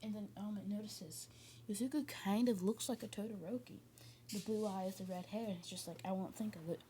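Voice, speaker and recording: A woman's voice: medium pitch, moderate pace, warm tone, slight background noise. A woman casually retelling a fan story, rambling with many fillers and restarts.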